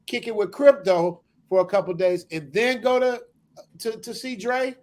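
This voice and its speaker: High-voiced man giving rambling shout-outs. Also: normal speed. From US West Coast. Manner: rambling, heartfelt hype-man talk with many restarts. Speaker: podcast panel guest. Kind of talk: casual group chat.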